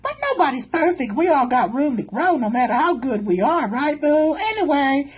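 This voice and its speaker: A channel host with a very high, expressive voice chats sassily through a self-help book at normal speed, on a low-quality recording. She keeps calling the listener honey and boo, laughs freely between comments, and stays loose and playful.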